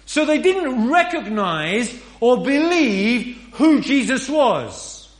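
High-voiced preacher, slow and roomy. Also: male voice, big pitch swings. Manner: earnest, emphatic, with repeated rhetorical questions. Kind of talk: sermon. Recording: roomy echo.

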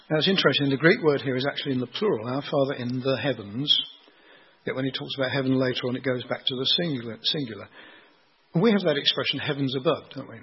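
A man preaches in a husky, breathy voice, taking his listeners through the text in a patient, explanatory way. His pitch sits in an ordinary middle range, and the recording sounds dull and lo-fi. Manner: explanatory, unhurried teaching with rhetorical questions. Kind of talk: sermon teaching on scripture.

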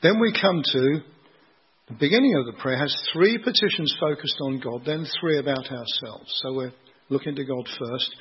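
A man preaches in a husky, breathy voice, taking his listeners through the text in a patient, explanatory way. His pitch sits in an ordinary middle range, and the recording sounds dull and lo-fi. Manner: explanatory, unhurried teaching with rhetorical questions. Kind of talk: sermon teaching on scripture.

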